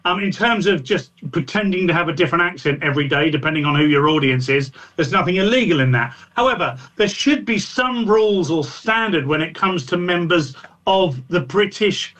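High-voiced male comedian guest. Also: lively intonation, a little fast, fairly bright tone. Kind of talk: talk show interview.

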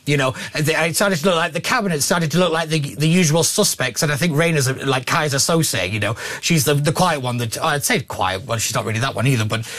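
A man's voice: fairly high pitch, fairly quick, few pauses, a bit bright. A man hosting a talk radio show, chatting in an opinionated way, reading listener texts and often restarting his sentences. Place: broadcast studio.

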